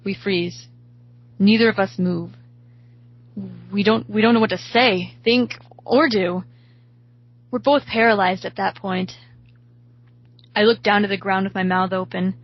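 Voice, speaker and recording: A woman reading a horror story aloud in a steady, hushed way, recorded slightly dull. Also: mid-range voice, unhurried, long pauses.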